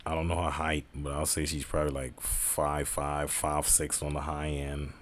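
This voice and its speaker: A man's voice: a bass voice, flat delivery, normal speed, slight background noise. A man hosting a casual reaction video, talking in a slangy, rambling, offhand way.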